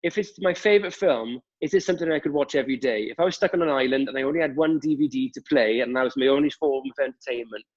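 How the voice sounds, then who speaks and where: A man's voice: medium pitch, fast, few pauses, highs cut off. A Welsh man, a guest TV presenter, chatting casually with many fillers and restarts. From Wales. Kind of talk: casual chat. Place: at home during lockdown.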